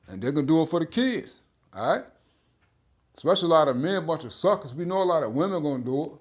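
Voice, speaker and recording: A man's voice: on the high side, very animated, fast. Blunt, profane preaching man. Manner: blunt and profane, repeats "man" and "all right?"; stammers on filler sounds. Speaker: street preacher. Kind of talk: informal preaching monologue.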